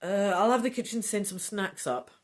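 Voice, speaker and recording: A woman voicing a practical, brisk female hotel manager. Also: mid-range voice, lightly acted.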